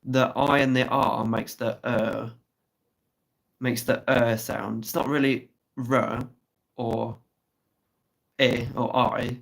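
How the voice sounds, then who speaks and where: A man's voice: medium pitch, little pitch movement, slow pace, vocal fry, poor audio. Chatty man hosting a live stream. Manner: swears casually, chatty and teasing. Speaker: livestream host. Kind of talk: casual live chat reading comments.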